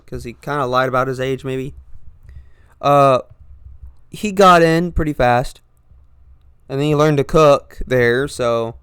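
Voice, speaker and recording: A young man with an accent mixing Northern and Southern US speech, hosting a podcast in a halting, rambling monologue full of restarts. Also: mid-range voice, clean tone, no echo. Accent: mix of Northern and Southern US. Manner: halting, with frequent restarts and trailing pauses. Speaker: podcast host.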